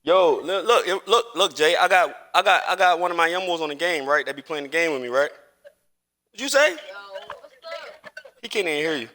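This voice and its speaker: A man's voice: a little high, fast talker, pushed and bright. A man chatting casually while gaming on a live stream, rambling and teasing with lots of profanity. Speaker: streamer and father.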